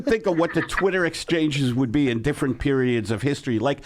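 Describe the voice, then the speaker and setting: A man's voice: mid-range voice, lively intonation, a little fast. A man hosting a comedy podcast, riffing in a rambling, exasperated way and laughing often. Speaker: podcast host. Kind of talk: casual comedy podcast banter.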